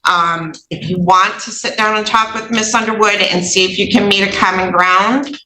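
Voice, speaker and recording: Female judge on the bench, firm and stern, bright tone, echoey courtroom audio with faint noise. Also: mid-range voice, normal speed. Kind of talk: courtroom proceedings.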